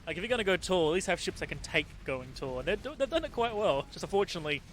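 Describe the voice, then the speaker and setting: Man, high pitch, excitable game commentary, frequent laughter. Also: very fast, slight background noise. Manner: excitable, laughs often, self-correcting. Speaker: tournament caster.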